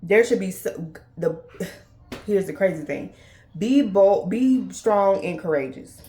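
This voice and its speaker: A woman's voice: lowish voice, takes it slowly, darkish tone. A woman in her thirties hosting a faith-based talk, casually addressing listeners as y'all and acting out dialogue with God and others. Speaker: podcast host.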